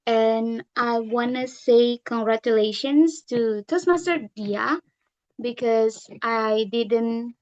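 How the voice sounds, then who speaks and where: Slow-talking woman reading out filler counts. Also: on the high side, dull audio. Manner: slow, methodical, listing counts. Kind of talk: online meeting report. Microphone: computer mic on a video call.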